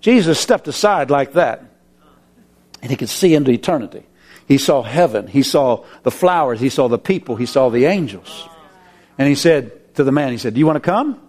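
A middle-aged male pastor preaching a sermon, telling a story and then leading a fervent, drawn-out prayer. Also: medium pitch, animated, darkish tone.

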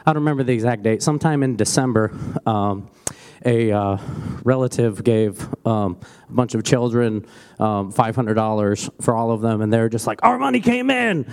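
Lively father telling a church testimony. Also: on the low side, moderate pace, smooth. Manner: lively storytelling, acts out his kids' voices. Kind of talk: spontaneous testimony.

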